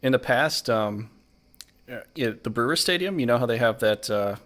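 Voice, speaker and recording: A man's voice: mid-range voice, lively intonation, normal speed, a bit bright. A man hosting a casual podcast chat, telling rambling stories with many fillers. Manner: rambling, filler-heavy storytelling. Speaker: podcast host.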